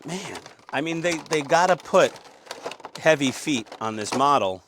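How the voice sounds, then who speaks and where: A man's voice: a little high, animated, unhurried, a bit bright, slight background noise. A man hosting a casual hobby build vlog on a lapel mic, joking, rambling and mocking himself. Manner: jokey, self-mocking, rambling. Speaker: host.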